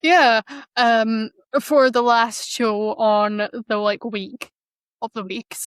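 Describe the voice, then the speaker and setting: A woman's voice: a little high, steady tone, slow pace, smooth, dry recording. A woman co-hosting a casual motorsport podcast, blunt and sarcastic, with plenty of swearing. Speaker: podcast co-host.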